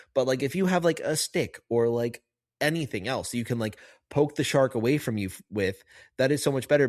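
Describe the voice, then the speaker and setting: A man's voice: mid-range voice, dry recording, clean studio sound. A man hosting a podcast, talking in a chatty, rambling way full of fillers. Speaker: podcast host, marine biologist. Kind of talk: casual podcast commentary.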